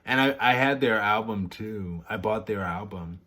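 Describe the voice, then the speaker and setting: A man's voice: fairly low pitch, moderate pace, sharp tone. A man vlogging casually to camera, rambling and interrupting himself, laughing at his own remarks. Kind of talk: casual candid chat to camera.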